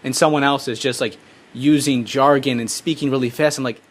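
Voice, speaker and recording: A man's voice: medium pitch, steady tone. A man hosting a podcast, asking long winding questions in a casual way. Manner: quick, talks in long winding sentences with restarts. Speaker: podcast host.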